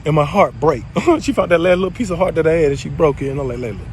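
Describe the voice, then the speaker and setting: Guy with a high voice ranting a story to his viewers, all over the place pitchwise, faint traffic behind. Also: quick pace. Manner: animated, swings between loud and low, swears freely. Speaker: spiritual video creator.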